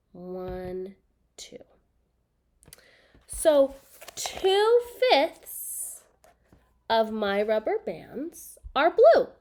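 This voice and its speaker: Slow, patient woman teaching fractions. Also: a little high, darkish tone. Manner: slow, patient, repeats key words for note-taking. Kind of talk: classroom math lesson to children.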